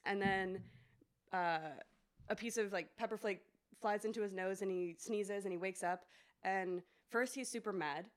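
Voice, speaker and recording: A woman's voice: mid-range voice, steady tone, a little slow. A woman who teaches preschool, co-hosting a podcast in casual chat full of fillers. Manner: chatty, many fillers, acts out story voices.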